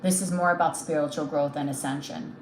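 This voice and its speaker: A woman's voice: low-pitched, fairly even intonation, fairly quick, echoey room, a little hiss or hum, low-quality recording. Soothing woman giving a tarot reading. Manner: soothing, reassuring, repeats "okay?". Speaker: tarot reader.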